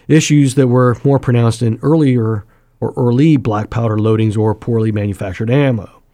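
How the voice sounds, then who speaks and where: A man's voice: medium pitch, mellow. A man co-hosting a local radio talk show, explaining things in detail from notes with jokey asides. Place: radio studio.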